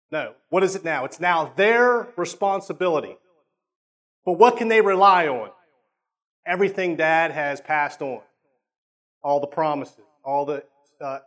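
Slightly high-voiced male preacher. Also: fairly bright tone. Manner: conversational, checks in with listeners, repeats words. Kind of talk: sermon.

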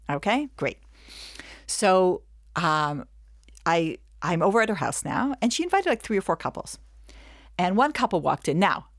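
A middle-aged woman giving a webinar talk, telling stories in a chatty, animated way and checking in often with her listeners. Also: lowish voice, no echo, clean studio sound. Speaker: webinar speaker. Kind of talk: lively storytelling talk.

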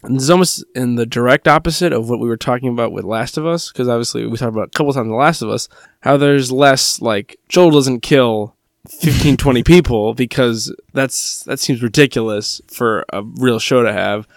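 A laid-back man co-hosting a podcast, chiming in and finishing his partner's sentences. His voice has a gravelly fry and sits at an ordinary pitch. The recording is dry and close. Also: moderate pace, no room sound. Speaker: podcast co-host. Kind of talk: casual chat.

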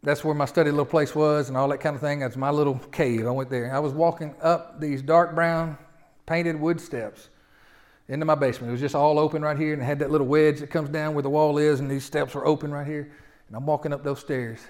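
Preaching man, hushed then booming. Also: fairly even intonation, fairly quick. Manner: swings from hushed storytelling to loud impassioned preaching. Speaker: pastor. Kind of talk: sermon.

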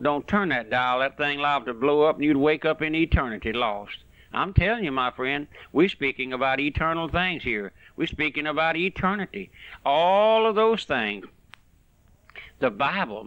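Impassioned old-time radio preacher, dull lo-fi sound. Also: male voice, fairly high pitch, no room sound. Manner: impassioned, pleading, swings between loud bursts and hushed asides. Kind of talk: fiery radio sermon.

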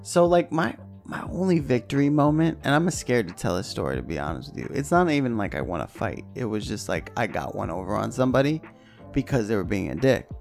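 A man co-hosting a podcast, telling a profane, animated story in casual chat and acting out the voices. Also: mid-range voice, a little fast, creaky, faint music behind. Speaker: podcast co-host.

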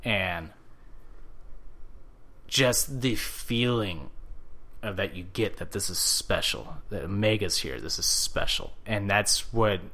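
A man co-hosting a casual chat, excitable, acting out quotes in loud bursts. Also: on the low side, slow, long pauses. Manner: excitable, acts out quotes loudly.

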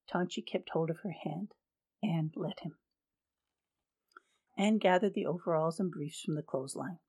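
A woman narrating a novel in a steady, even reading voice. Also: fairly low pitch, slightly rough. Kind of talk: storybook reading.

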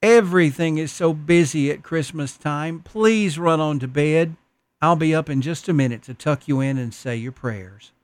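A man's voice: on the high side, normal speed, no room sound, lightly acted. A man voicing a busy young mother who hurriedly brushes off her little daughter. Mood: weary.

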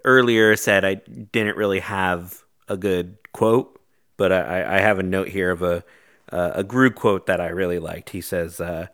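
A man's voice: low voice, fairly even intonation, measured pace, a bit bright. Wry man co-hosting a podcast. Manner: wry, joking hot takes. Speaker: podcast co-host. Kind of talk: casual podcast chat.

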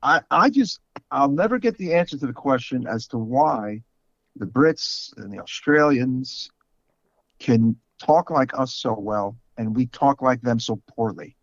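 A man's voice: mid-range voice, expressive, measured pace, no echo, highs cut off. A man with a New York accent, co-hosting a podcast in a frank, casual chat full of fillers. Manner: chatty, frank, with many fillers. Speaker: podcast co-host.

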